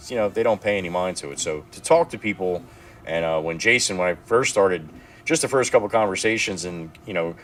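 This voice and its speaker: A man with a somewhat low voice chats on a livestream. He rambles, swears freely and tells stories with energy, and a faint ambient noise sits under him. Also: a little fast. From New Jersey. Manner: rambling, profane, animated storytelling. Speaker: livestream guest. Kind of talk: casual livestream chat.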